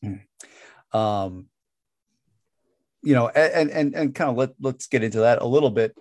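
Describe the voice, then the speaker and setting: A man's voice: medium pitch, lively intonation, unhurried, darkish tone. A man hosting a casual comics podcast interview, laughing often and restarting his sentences. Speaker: podcast host.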